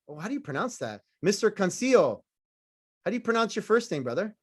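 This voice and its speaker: High-voiced, fired-up male motivational speaker. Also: big pitch swings, a little fast, soft background music. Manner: blunt, profane, fired-up, teasing the audience; repetitive punchy phrasing. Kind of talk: live motivational talk to a sales team.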